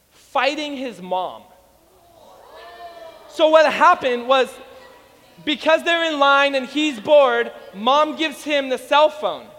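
A man preaching an energetic sermon to a congregation, telling stories and acting out the voices of the people in them. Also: very high voice, in a large hall. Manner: animated storytelling, acts out voices. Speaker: pastor.

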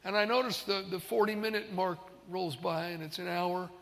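Male pastor, high gravelly voice, chatty storytelling sermon, long hall reverb. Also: level tone, moderate pace, fairly bright tone. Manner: conversational storytelling preacher. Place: large auditorium.

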